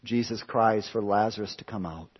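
A man preaching a sermon in a dramatic way, dropping to hushed tones and then building to loud, emphatic peaks. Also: on the low side, moderate pace, husky. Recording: long hall reverb, dull lo-fi sound.

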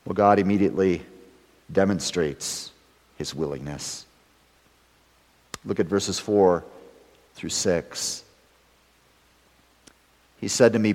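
A man preaching a sermon as pastor, measured, letting phrases fall away and then rising loud for emphasis. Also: low voice. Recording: long hall reverb.

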